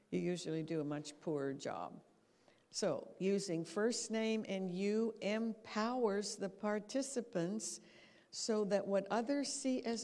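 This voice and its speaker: Gravelly woman speaker in a big hall. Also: medium pitch. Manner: lively storytelling, acts out quotes. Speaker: guest speaker. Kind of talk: talk on habits. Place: church hall. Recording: reverberant hall.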